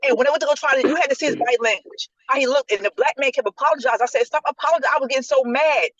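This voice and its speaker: Brief: rapid-fire female co-host, animated storyteller, dull dry lo-fi sound. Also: high voice, no room sound. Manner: animated storyteller acting out quotes. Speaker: podcast co-host. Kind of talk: casual group chat, retelling a story.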